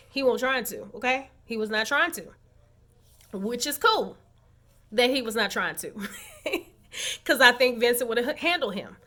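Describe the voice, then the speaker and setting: A woman talks straight to her viewers in a casual recap vlog, sassy and animated as she dishes on the latest episode. Her voice sits high and comes across bright and sharp. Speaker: recap vlogger. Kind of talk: casual reality-show recap.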